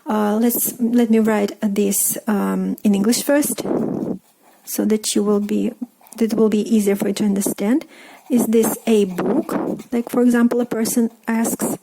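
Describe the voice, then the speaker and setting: A woman with a Russian accent explains grammar in a slow, unhurried way, pausing often on ums and uhs. Her voice is soft and mellow, never sharp. She repeats each example phrase patiently, as a teacher writing on a board. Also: medium pitch, steady tone, gravelly, slight background noise, rough recording. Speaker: language teacher.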